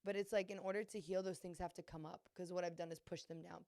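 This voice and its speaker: Young woman podcast host, low gravelly voice, dry close sound, rambling and earnest. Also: fairly even intonation, fast, mellow, no room sound. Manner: earnest, rambling, many fillers and restarts. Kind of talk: candid confessional chat.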